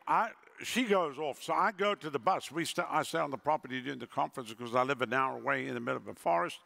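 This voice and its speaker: Man, middle-aged, evangelist, sermon storytelling, high pitch, gravelly, acts out dialogue. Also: pushed and bright. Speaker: evangelist preacher.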